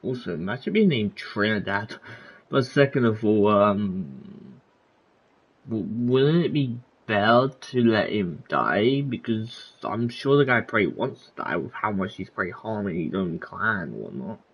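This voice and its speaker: A man's voice: fairly low pitch, very animated, a little slow, breathy edge, muffled recording. A man streaming a game and commenting on it in a casual, rambling way, full of fillers and restarts. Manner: rambling, filler-heavy chatter. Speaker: gaming streamer.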